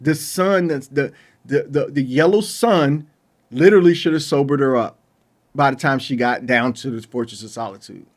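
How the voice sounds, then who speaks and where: A man in the middle of a casual film review, plainly fed up with what he saw. His speech is loose and colloquial, and he stumbles and restarts as he builds his complaints. His voice sits at an ordinary middle pitch for a man. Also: moderate pace. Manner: exasperated, ranting with frequent restarts. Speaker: movie reviewer.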